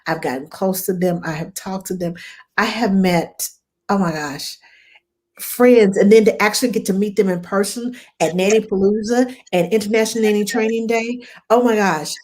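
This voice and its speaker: A woman's voice: medium pitch, moderate pace. Southern-accented woman podcast host. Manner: animated storytelling with acted quotes; folksy, self-deprecating. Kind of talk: casual conversational interview.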